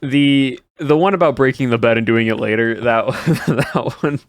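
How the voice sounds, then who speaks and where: A man's voice: mid-range voice, moderate pace, no echo, clean studio sound. A young man streaming, chatting casually with his viewers in a rambling way and answering their comments as he goes. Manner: rambling, answers chat between stories. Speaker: livestreamer.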